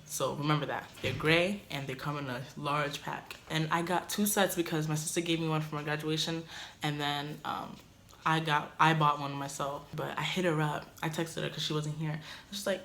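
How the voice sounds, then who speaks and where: Animated young woman telling a story. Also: deep voice, moderate pace. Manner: animated, swings between loud outbursts and muttered asides. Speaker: vlogger. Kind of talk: casual storytelling.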